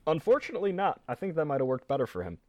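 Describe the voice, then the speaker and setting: A man tells a history story on a casual podcast, reading quotes with animated storytelling. His pitch swoops and bounces all over. The sound is dry and close, with no room around it. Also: rapid-fire, no echo. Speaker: podcast host.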